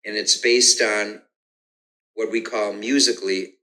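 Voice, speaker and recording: An older man, a guest musician, telling the story of how he came to music in a relaxed conversational way, humming rhythms aloud to explain them. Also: on the low side, measured pace, rough recording. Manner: hums and sings rhythms aloud to explain, frequent restarts.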